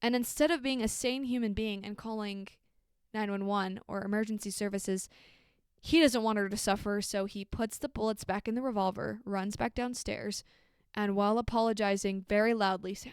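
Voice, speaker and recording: Woman, true crime podcaster, casual narration, frequent fillers, crisp voice, mid pitch. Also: steady tone, normal speed, no echo, studio quality. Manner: conversational, with frequent ums and likes.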